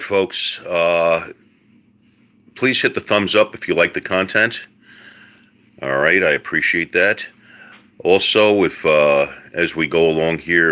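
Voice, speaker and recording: A middle-aged man with an extremely low, sharp voice hosts a live stream answering viewers' car questions. He explains mechanics in a folksy way, saying "all right" and "uh" a lot and calling viewers folks and buddy.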